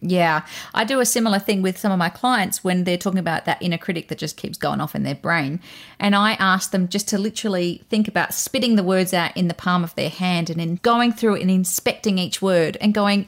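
A woman hosting an interview, who laughs often and acts out her clients' voices in lively swings. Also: on the low side, brisk. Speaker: podcast host and coach. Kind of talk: conversational interview.

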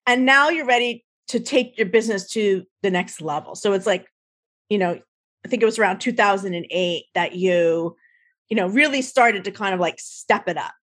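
Woman host at a middle pitch, friendly and chatty, who laughs a lot while steering the interview. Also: normal speed, a bit bright. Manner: friendly, laughs often, prompts with questions. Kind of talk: casual interview chat.

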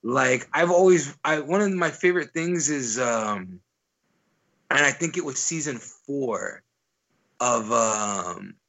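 A man's voice: medium pitch, slow pace, a bit bright. A young adult man co-hosting a podcast, telling stories in a rambling, profane, casual way full of filler words. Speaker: podcast co-host. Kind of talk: casual storytelling chat.

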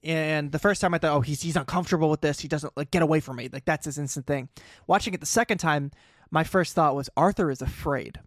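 A man's voice: fairly high pitch, fast talker, no room sound, clean studio sound. A man co-hosting a casual podcast, animatedly recapping an episode and reading quotes aloud. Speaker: podcast co-host.

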